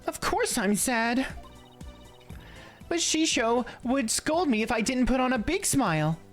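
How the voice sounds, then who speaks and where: A man doing a bubbly clown girl in high falsetto. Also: lively intonation, a little slow, fairly bright tone, faint music behind, full character voice. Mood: chirpy.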